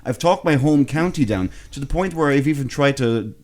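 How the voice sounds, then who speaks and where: A man's voice: mid-range voice, lively intonation, normal speed, a little mellow. A man in his thirties from Ireland with a Waterford accent, co-hosting a podcast in casual, rambling, self-deprecating chat. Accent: Irish, Waterford. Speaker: podcast co-host.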